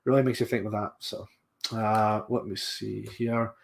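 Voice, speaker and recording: A man's voice: lowish voice, flat delivery, moderate pace, gravelly. A man hosting a casual livestream, talking in a rambling way, repeating himself and making scornful asides. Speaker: livestream host.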